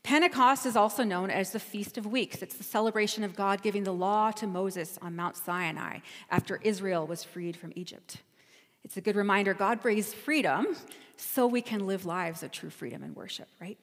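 A woman's voice: mid-range voice, normal speed, long reverb tail. A woman pastor giving a sermon, telling a travel story in a conversational, storytelling way. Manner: storytelling, conversational, self-correcting.

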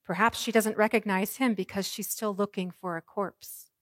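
A woman pastor preaching an Easter sermon, moving from hushed, soft lines to ringing proclamations. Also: mid-range voice, fairly even intonation, moderate pace, dry recording, clean studio sound.

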